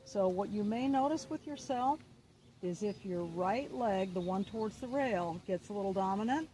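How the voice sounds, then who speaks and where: Calm encouraging woman coaching outdoors. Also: medium pitch, normal speed, slight background noise. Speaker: riding instructor. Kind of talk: outdoor riding lesson coaching. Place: outdoor riding arena.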